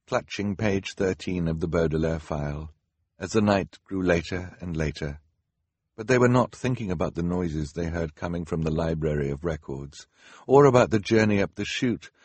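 A man reading a children's novel aloud as narrator, wry and deadpan with mock-solemn asides. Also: low voice, husky, no echo. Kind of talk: audiobook narration.

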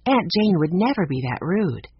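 A reader voicing a calm, sensible older sister in an audiobook, speaking gently. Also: medium pitch, moderate pace, slight background noise. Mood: gentle. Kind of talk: audiobook character voice. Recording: dull lo-fi audio.

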